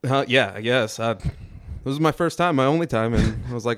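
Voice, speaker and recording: A young man on a podcast, telling an anecdote in an easygoing, deadpan way. His voice is smooth and resonant, and the sound is close and dry with no room to it. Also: medium pitch, brisk, no room sound. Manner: laid-back, deadpan anecdote telling with chuckles. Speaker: guest. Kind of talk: casual storytelling.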